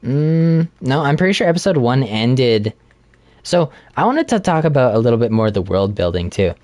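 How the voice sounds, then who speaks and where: A man co-hosting a casual podcast, chatting while playing a game and retelling a plot with animated laughter. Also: medium pitch, moderate pace, no echo. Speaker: podcast co-host.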